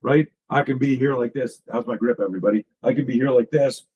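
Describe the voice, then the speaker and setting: A man's voice: medium pitch, fast, husky, highs cut off. A man, a self-defense coach, talking as a guest in a casual podcast conversation, emphatic and profane, piling up stories and restarting sentences.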